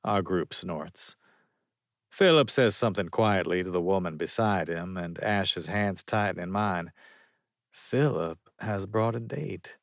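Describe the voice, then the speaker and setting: A man with a low voice narrates a small-town romance in the first person, unhurried and wry. His intonation moves a lot, and the recording is dry and close with no room sound. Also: no echo. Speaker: audiobook narrator.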